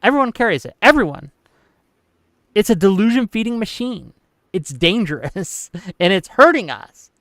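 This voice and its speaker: A man's voice: sits high, sing-song, normal speed, a bit bright, no room sound, clean studio sound. A man in a casual online debate on a video call, blunt and profane, rambling with fillers. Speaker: debate guest.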